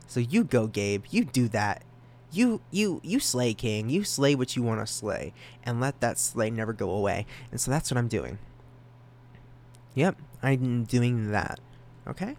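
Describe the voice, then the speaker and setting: Rambling, excitable young man. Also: medium pitch, a little slow. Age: young adult. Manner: rambling, excitable, self-conscious, with stammered restarts. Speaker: podcast host. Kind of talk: solo casual podcast chat.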